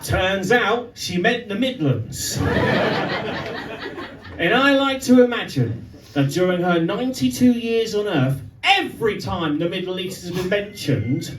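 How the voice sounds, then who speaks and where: A man's voice: high-pitched, unhurried, very noisy. A young man doing a stand-up comedy set, telling stories that build to punchlines. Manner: animated storytelling with punchlines. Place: pub venue with live audience. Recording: echoey live room from far off. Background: audience laughter.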